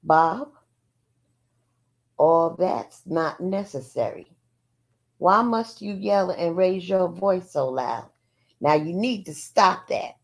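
A woman's voice: on the low side, animated, slow pace, long pauses. A woman voicing a stern, commanding grandmother. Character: stern older grandmother scolding a man.

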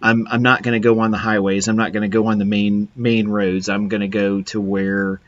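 Low heartfelt man, dull call audio. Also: level tone. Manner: heartfelt, halting. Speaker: podcast host. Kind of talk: casual video-call interview.

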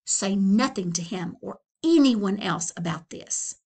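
A woman voicing an earnest, cynical young girl in a storybook read-aloud, speaking in an intense, deliberate way. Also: medium pitch, animated, darkish tone.

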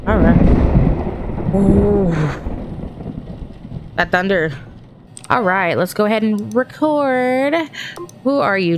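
A woman talks her way through a horror game, musing out loud, reading items off the screen and jumping at every sound. Her voice sits in an ordinary middle range. A steady hum of background noise runs clearly under the recording. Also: medium pitch, slow, long pauses. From Texas. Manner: chatty, thinks aloud, jumpy and easily startled. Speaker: gaming streamer. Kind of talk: horror game let's-play commentary.

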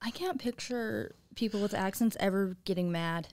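A woman's voice: medium pitch, moderate pace, darkish tone. A woman co-hosting a podcast, chatting casually in a laid-back, dry way. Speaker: podcast co-host. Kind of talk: casual chat.

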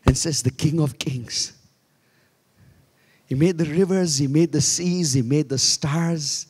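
A man preaches in a slow, deliberate way, his voice sitting a touch high for a man. He moves between quiet asides and emphatic raised lines. The sound carries the long echo of a church hall. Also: breathy edge. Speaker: pastor. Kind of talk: sermon.

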